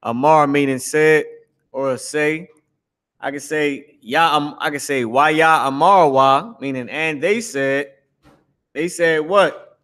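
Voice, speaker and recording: A man leads a casual live language class streamed to Facebook and YouTube, repeating himself and grumbling when the stream drops. His slightly high voice is fairly bright, clear, and resonant, and he takes his time.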